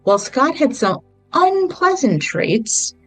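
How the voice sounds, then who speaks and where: A woman hosting a podcast, retelling a true-crime book in a measured storytelling way with brief personal asides. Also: sits high, big pitch swings, slightly rough, no echo, soft background music, low-quality recording. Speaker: podcast host.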